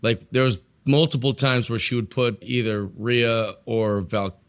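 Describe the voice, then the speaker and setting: A man's voice: mid-range voice, steady tone, unhurried, clear, resonant tone. A man as a podcast guest, chatting earnestly about wrestling and giving long opinions. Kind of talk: casual wrestling chat.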